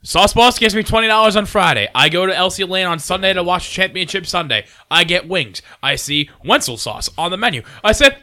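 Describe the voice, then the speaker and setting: Quick, bright male podcast co-host; hyped, swearing banter. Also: high voice. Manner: excitable, laughing, profane.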